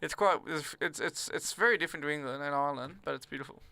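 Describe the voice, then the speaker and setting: Bright-voiced, rambling man. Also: on the high side, fast talker, creaky, no room sound. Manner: rambling, laughing easily, many restarts. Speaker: comedian guest. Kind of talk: casual podcast chat.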